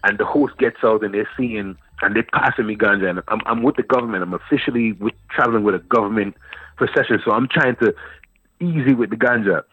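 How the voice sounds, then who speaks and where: A man's voice: lowish voice, brisk, breathy edge. A man in his fifties from Antigua, a guest poet telling a long story in a radio interview, repeating words and phrases as he goes. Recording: dry phone-like radio line.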